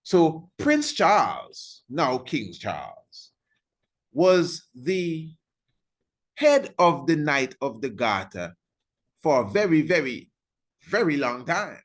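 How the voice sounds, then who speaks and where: Man lecturing on history, slow and deliberate, pitch jumping all over, keeps quizzing the listener. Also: sing-song. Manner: emphatic, repeats points, asks the listener rhetorical questions.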